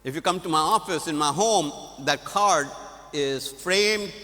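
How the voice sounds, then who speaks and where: A middle-aged man preaching at a conference, telling a story in an animated way. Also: on the high side, measured pace. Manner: animated storyteller, laughs at his own story. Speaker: conference speaker. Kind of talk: storytelling sermon. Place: large conference hall. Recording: echoey hall.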